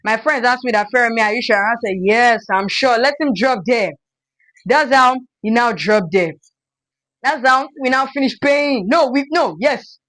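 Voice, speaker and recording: A young woman with a Nigerian accent, telling a storytime vlog in an animated, dramatic way and acting out the scenes. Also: fairly high pitch, moderate pace, no echo, poor audio. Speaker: vlogger.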